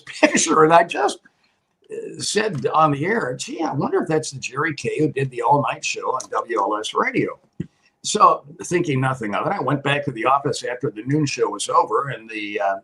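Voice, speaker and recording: An older man with a slightly husky, somewhat high voice spins anecdotes in a relaxed chat. His pitch swings a lot as he acts out the stories, and he often laughs along with them. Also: poor audio. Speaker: guest, retired TV meteorologist. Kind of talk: casual storytelling chat.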